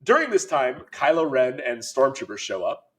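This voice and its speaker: A middle-aged man co-hosting a podcast, telling an animated, laughing story in casual chat. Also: mid-range voice, normal speed. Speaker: podcast co-host.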